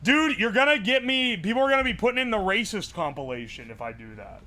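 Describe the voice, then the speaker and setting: A man's voice: high voice, big pitch swings, quick pace, pushed and bright. A man streaming live, joking with his chat and thinking aloud while he builds something. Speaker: livestreamer. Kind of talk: casual livestream chat.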